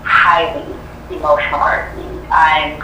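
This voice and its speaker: A woman's voice: deep voice, flat delivery, a little slow, bright, forceful tone. A woman on a live tarot reading, agreeable and repeating her points as she talks. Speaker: caller getting a reading. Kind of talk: live call-in chat. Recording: distant echoey call line with faint noise.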